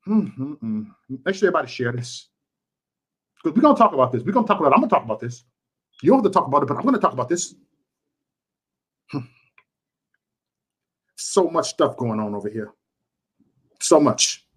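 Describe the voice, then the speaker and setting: A man's voice: a little high, a bit bright, slightly rough. A man ranting to his livestream chat, impassioned and repeating himself for emphasis. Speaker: YouTube livestreamer.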